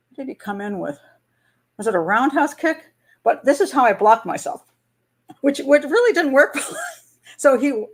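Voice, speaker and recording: An older American woman hosting a live patron hangout, chatting casually, laughing often and rambling through restarts. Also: fairly high pitch. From United States. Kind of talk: casual live-stream chat.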